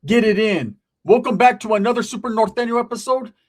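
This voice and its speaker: A male host talks in a high, lively voice. He tells a comic family story in a casual, slang-heavy, profane way. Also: fairly quick. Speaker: comedic storyteller, channel host.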